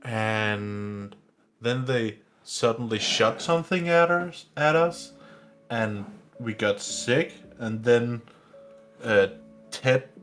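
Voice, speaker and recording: A man playing a tabletop game, describing events haltingly and with many fillers. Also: mid-range voice, expressive, fairly bright tone, soft background music. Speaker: player. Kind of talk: casual tabletop play.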